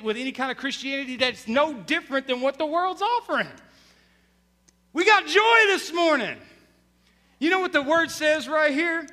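A man preaching a sermon as pastor, rising into loud shouted bursts. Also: very high-pitched. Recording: long hall reverb.

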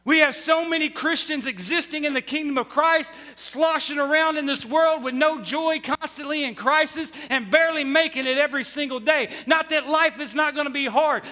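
A man preaching a sermon as pastor, rising into loud shouted bursts. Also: very high-pitched. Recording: long hall reverb.

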